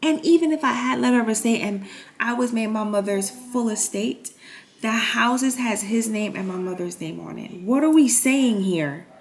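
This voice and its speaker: A woman's voice: fairly high pitch, normal speed, gravelly. A woman candidly retelling a painful personal story in a vlog, emotional and dramatic. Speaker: nurse telling a personal story.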